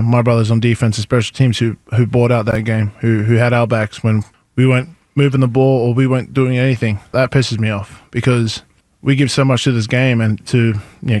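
A man's voice: medium pitch, darkish tone, dry recording. Annoyed man in a dry interview clip. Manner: annoyed, defensive. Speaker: football player in an interview clip. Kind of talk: post-game comments.

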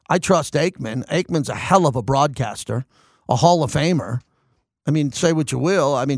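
Emphatic, excitable sports radio host, man. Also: fairly high pitch, no room sound, studio quality. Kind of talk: sports talk monologue.

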